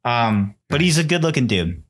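A man's voice: medium pitch, sing-song, normal speed, husky. A man co-hosting a casual chat show, telling stories in a rambling way with many fillers. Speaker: podcast co-host.

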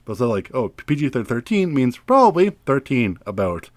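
A young man co-hosting a casual film review podcast, talking haltingly with many stammers and repeated words. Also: mid-range voice, very animated, no echo. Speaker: podcast co-host.

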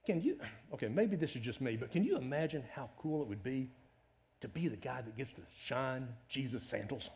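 A middle-aged pastor, medium in pitch and a touch fast, preaches in an animated, talky way that leans heavily on rhetorical questions.

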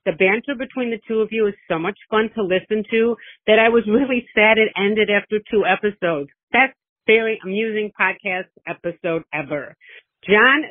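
Gushing middle-aged mom on a tinny phone line. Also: female voice, mid-range voice, brisk, no room sound. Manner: gushing, chatty, breathless. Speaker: listener calling in with a voice message. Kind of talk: rambling voicemail.

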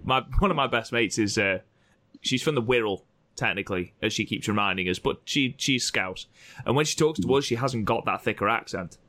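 A man's voice: fairly low pitch, brisk, pushed and bright. A man hosting a casual wrestling podcast chat from the UK, joking with his co-hosts and laughing often. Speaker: podcast host.

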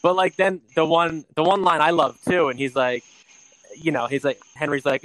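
A man co-hosting a movie podcast in casual chat, animated and laughing, swearing freely and jumping into loud impressions of movie lines. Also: on the high side, moderate pace, no room sound, poor audio. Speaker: podcast co-host.

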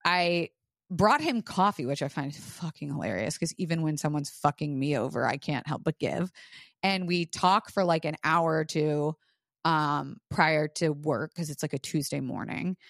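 A woman's voice: deep voice, moderate pace, creaky, fairly bright tone, dry recording, studio quality. Frank, swearing woman podcast host. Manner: frank, profane storytelling with lots of "like". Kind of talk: casual chat.

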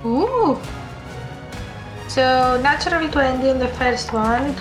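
A woman's voice: high voice, slow pace, echoey room, over loud music, poor audio. A woman playing a tabletop game over a video call, giggling and thinking aloud as she counts her rolls. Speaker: player.

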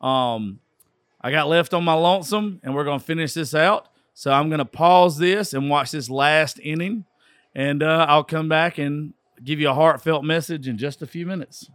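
A man's voice: on the high side, moderate pace, fairly bright tone, clean tone, dry recording, studio quality. A tipsy man from Georgia with a Southern accent, hosting a rowdy, profane live sports call-in style show. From Georgia, USA. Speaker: radio show host. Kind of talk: drunk live sports commentary.

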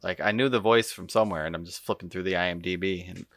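A man's voice: deep voice, fast talker, fairly bright tone, no room sound, studio quality. A man co-hosting a podcast, chatting in an offhand way. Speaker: podcast co-host. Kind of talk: casual chat.

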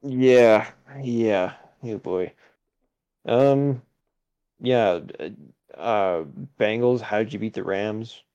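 A man co-hosts a casual sports podcast, pausing often and filling gaps with hesitant ums. His low voice sounds somewhat dull and lo-fi. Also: dark tone, clear, resonant tone. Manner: hesitant, many fillers, chuckling asides. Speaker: podcast co-host.

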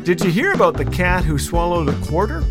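A man's voice: high voice, sing-song, fairly quick, over loud music. A man hosting a radio show, delivering a scripted humorous monologue in a playful, joking way and chuckling at his own lines.

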